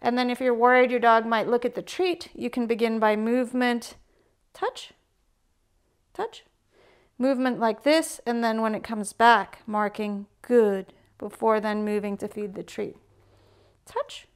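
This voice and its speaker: Calm, soft-spoken woman dog trainer. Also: fairly high pitch, normal speed, few pauses, smooth. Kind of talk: instructional dog training demo.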